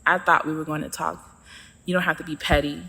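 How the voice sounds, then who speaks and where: A woman voicing Pain as a calm, nonchalant male figure in a spoken short story. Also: sits low, a little fast. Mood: soft, earnest.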